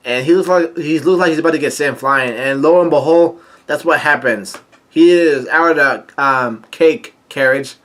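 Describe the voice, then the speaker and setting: Halting casual male manga reader. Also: on the high side, a bit bright. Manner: halting, many fillers and restarts, chuckles often. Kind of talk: casual manga chapter read-through.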